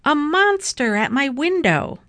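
A woman reading aloud and voicing a timid, easily frightened old sister who shouts shrilly in panic. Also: sits high, big pitch swings, unhurried, no echo, voice pushed up, exaggerated voice. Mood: panicked.

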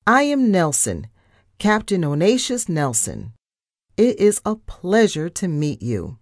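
A woman doing a crisp, pompous rat captain. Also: fairly low pitch, very animated, slow pace, darkish tone, no echo, clean studio sound, heavily acted. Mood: formal. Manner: crisp, formal, gallant. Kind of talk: storybook reading.

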